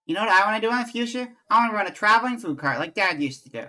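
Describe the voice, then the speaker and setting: A man voicing a tearful young village child in a game, reading the lines in a high, pleading voice. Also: lively intonation, racing, sharp tone, soft background music, full character voice. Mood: eager. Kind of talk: reading game dialogue aloud.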